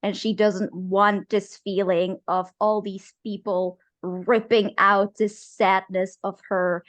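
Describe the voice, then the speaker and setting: A woman game master narrating a tabletop game scene in a halting way, with many pauses and fillers. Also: medium pitch, level tone, no room sound.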